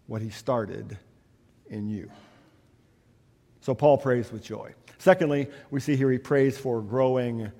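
Man preaching in a reverberant church. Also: mid-range voice. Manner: conversational storytelling, drops to soft asides. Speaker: pastor. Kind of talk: sermon. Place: church sanctuary. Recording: long hall reverb.

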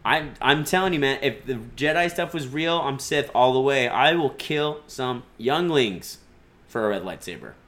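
A man's voice: medium pitch, moderate pace. A man hosting a podcast in casual, joking chat, swearing freely. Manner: animated, joking, profane. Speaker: podcast host.

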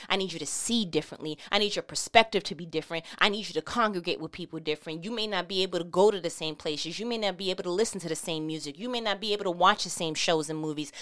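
A woman's voice: on the low side, fairly bright tone. A woman giving a casual, conversational Christian talk with emphatic, repetitive phrasing. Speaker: Christian speaker.

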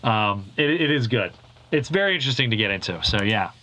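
Fast talking guy cohost, bright voice, chummy casual chat. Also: lowish voice, lively intonation, slight background noise, rough recording. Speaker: podcast co-host.

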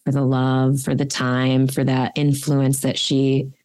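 A woman's voice: extremely low pitch, completely flat delivery, unhurried, darkish tone, dry recording. A woman hosting a podcast interview, speaking in an effusive, emotional and encouraging way. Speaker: podcast host. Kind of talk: interview conversation.

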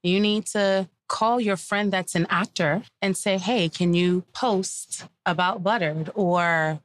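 A woman's voice: on the low side, slow pace. A woman of Caribbean background, a small business owner, telling stories as a podcast guest and laughing often. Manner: animated storyteller, laughs often, acts out quotes. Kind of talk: casual interview chat.

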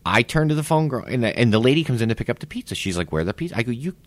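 Animated man in his forties telling stories. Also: mid-range voice, racing, dry recording. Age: 40s. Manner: animated, swearing, acts out quotes. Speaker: podcast co-host. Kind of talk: casual storytelling chat.

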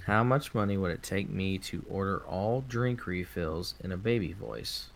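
Low voiced dude, chill and dry, reading a question card out. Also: male voice, moderate pace. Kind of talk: casual chat, party game.

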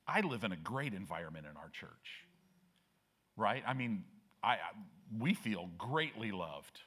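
A man's voice: lowish voice, sing-song, normal speed, a bit bright, breathy edge. A middle-aged man preaching a sermon to his church as pastor, acting out people in the stories he tells.

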